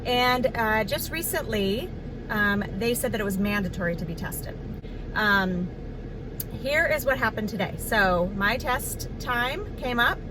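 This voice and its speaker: Chatty woman vlogging over traffic noise. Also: fairly high pitch. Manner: chatty, expressive, many fillers. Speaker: nursing home worker. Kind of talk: casual vlog storytelling.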